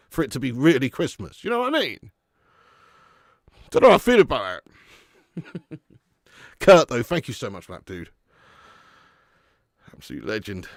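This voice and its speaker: A man hosting a live match watch-along, chatting excitedly with viewers and calling them mate and lad. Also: mid-range voice, dry recording, clean studio sound. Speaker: fan channel host doing a live match watch-along. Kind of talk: casual live-stream commentary and chat.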